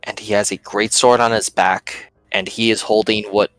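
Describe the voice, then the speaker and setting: A man narrating as game master in a tabletop game, animated and laughing often. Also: fairly low pitch, moderate pace, no echo, soft background music.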